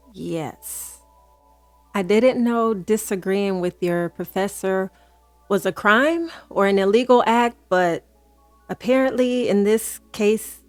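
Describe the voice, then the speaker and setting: A woman's voice: mid-range voice, darkish tone, no room sound. Woman host with a dry close voice. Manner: conversational, reads statements aloud. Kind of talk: casual commentary.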